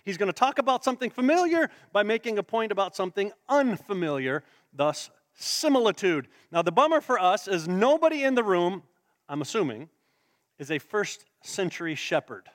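Pastor, male, high-pitched, playful and interactive with the pews; close dry sound. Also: dry recording. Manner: playful, interactive, joking with the congregation. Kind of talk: sermon. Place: church sanctuary.

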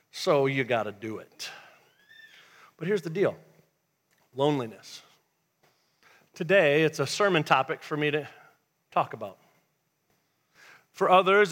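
A male pastor preaching a sermon in church, telling a lively story and dropping to a hush for emphasis. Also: fairly high pitch. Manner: animated storytelling, swings from loud to hushed. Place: church sanctuary.

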